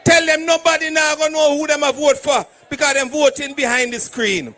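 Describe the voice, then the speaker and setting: Jamaican man, rally speech, shouting, very high voice, forceful and bright. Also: steady tone, brisk. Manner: shouting, fiery, call-and-response to the crowd. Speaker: political candidate and doctor at a party rally.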